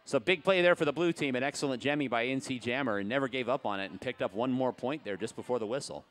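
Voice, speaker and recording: Male derby announcer, mid-pitched, chatty live play-by-play with jokes and crowd call-outs. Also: fast. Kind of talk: live sports commentary.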